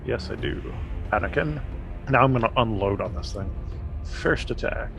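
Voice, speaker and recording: A man's voice: fairly low pitch, expressive, normal speed, gravelly, a bit bright, faint music behind. A man playing a tabletop game, stating his actions tersely. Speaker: player. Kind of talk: casual tabletop play.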